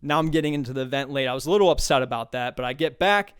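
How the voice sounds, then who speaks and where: A man's voice: mid-range voice, very fast, fairly bright tone, clean tone. A man hosting his own talk show, telling a casual, profane story and mimicking people he met along the way. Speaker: podcast host. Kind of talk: casual solo monologue.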